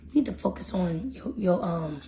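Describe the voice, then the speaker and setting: A woman voicing a sly, scheming male devil who coaxes in a low, drawling tone. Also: animated, normal speed, gravelly, dark tone, slight background noise. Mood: sly, tempting.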